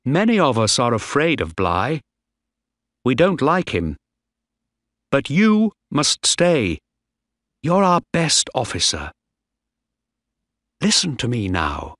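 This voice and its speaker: A man's voice: mid-range voice, wildly swooping pitch, slow pace, pauses often, fairly bright tone, no echo, clean studio sound, voice pushed up, full character voice. A man voicing a worried male sailor who urgently pleads with a friend. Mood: pleading.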